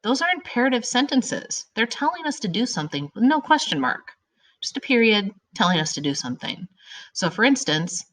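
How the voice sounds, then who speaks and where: A woman teaching a grammar lesson to children. She talks in an upbeat, animated way and stretches out her example sentences for effect. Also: deep voice, a little fast.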